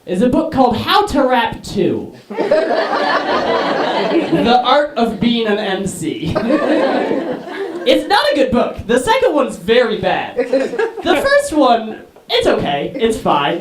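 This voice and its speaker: A man's voice: very high voice, wildly swooping pitch, takes it slowly, crowd noise. A man doing a rambling, self-deprecating stand-up set, chatting with the audience. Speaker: stand-up comedian. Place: small comedy venue. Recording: echoey venue mic from a distance with loud noise. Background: loud audience laughter and noise.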